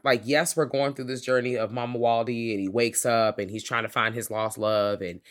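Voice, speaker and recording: A man's voice: medium pitch, normal speed, few pauses. Man, podcast co-host, casual movie talk, slangy and profane, acts out quotes, mid-range voice. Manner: animated, slangy and profane, acts out characters' lines.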